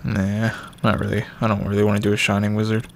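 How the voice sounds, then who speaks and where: Young man with a gravelly voice narrating gameplay. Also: on the low side, monotone, quick pace, slight background noise. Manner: candid, reacting loudly to the game. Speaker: gameplay commentator. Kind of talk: casual let's-play commentary.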